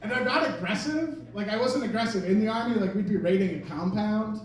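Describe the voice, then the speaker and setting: A man's voice: high voice, a little fast. A man in his thirties doing a self-deprecating, rambling stand-up set in a club, with laughter from the audience. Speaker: stand-up comedian. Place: comedy club stage. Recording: echoey club, mic from a distance, crowd.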